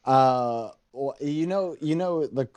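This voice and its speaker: A man's voice: medium pitch, slow pace, a little mellow, no room sound. A man hosting a casual podcast with friends, joking around and swearing freely. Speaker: podcast host. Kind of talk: casual banter among friends.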